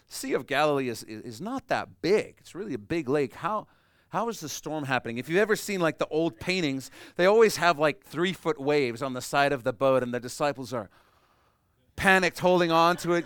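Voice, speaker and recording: A man preaching a sermon, explaining a passage emphatically and swinging between loud and hushed delivery. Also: fairly high pitch, clear, resonant tone, no echo, clean studio sound. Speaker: pastor.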